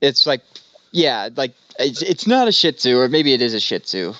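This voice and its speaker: A man's voice: medium pitch, big pitch swings, normal speed, sharp tone, no room sound, lo-fi sound. A man co-hosting a casual podcast, rambling through stories with lots of fillers. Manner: rambling, storytelling with acted-out voices. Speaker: podcast co-host. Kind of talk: casual stoner chat.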